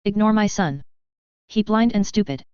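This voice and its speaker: A woman's voice: mid-range voice, moderate pace, darkish tone, clear, resonant tone, no echo, voice pushed up, close to an everyday voice. A woman voicing a teasing middle-aged mother with a thick Korean accent and clipped, broken English. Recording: slightly dull lo-fi recording.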